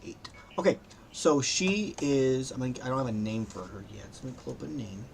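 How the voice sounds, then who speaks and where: A man's voice: medium pitch, sing-song, a little fast, vocal fry, heavy background noise. A man running a tabletop game as game master, narrating casually and thinking aloud.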